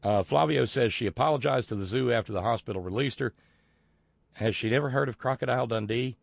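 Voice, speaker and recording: A man's voice: medium pitch, fast, gravelly, no room sound, studio quality. A man hosting a live talk show, reading listener messages aloud in a rambling, sardonic way with plenty of fillers. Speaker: show host.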